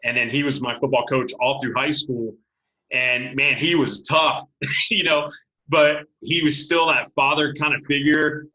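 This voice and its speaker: A man in his late forties, a high school football coach, telling stories as an interview guest and acting out what people said. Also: unhurried, rough recording. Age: late 40s. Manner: animated storyteller, acts out quotes, laughs often. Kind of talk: casual interview storytelling.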